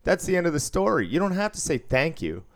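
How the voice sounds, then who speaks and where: A man in his forties co-hosting a podcast, an animated storyteller who swears freely and laughs often. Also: a little high, brisk. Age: 40s. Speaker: podcast co-host. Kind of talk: casual podcast banter.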